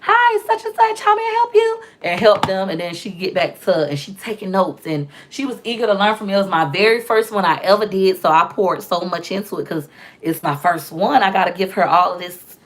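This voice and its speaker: A woman, chatting casually to viewers as host in a blunt, profane, animated way. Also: on the low side, a little fast, a little hiss or hum. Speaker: vlog host reading comments. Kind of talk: casual live chat.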